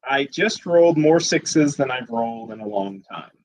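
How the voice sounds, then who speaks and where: Male game master, animated, joking, dry close sound. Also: mid-range voice, moderate pace, no room sound, rough recording. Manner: jokey, laughs often, tallies dice aloud. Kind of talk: narrating a tabletop game.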